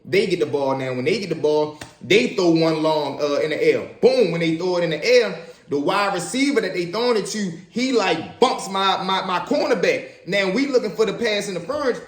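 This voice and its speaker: A man telling stories from his own life in a casual, animated way, acting out the voices of the people in them. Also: sits high, moderate pace, echoey room. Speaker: storyteller. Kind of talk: casual spoken storytelling.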